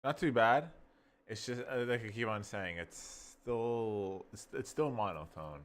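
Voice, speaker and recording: Rambling man with a lowish voice. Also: unhurried. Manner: rambling, thinking aloud. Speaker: software reviewer. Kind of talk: casual screen-recording review.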